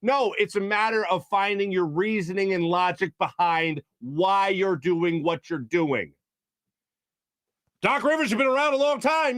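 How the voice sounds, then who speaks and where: High-voiced man ranting about sports. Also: lively intonation, normal speed, fairly bright tone, no echo, studio quality. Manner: heated, exasperated, quotes people in mock voices. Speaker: sports talk show host. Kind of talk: opinionated sports talk rant.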